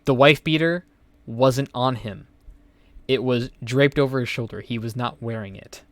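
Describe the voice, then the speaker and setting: Rambling, swearing young podcast host. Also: male voice, mid-range voice, normal speed, dry recording. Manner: rambling, profane storytelling with many fillers. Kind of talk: casual podcast chat.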